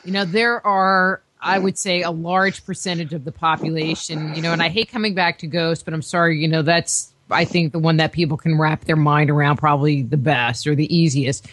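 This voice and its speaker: A woman's voice: low voice, fairly even intonation, fairly quick, few pauses, a bit bright. A woman hosting a radio interview, asking long, rambling questions full of filler phrases. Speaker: radio show host.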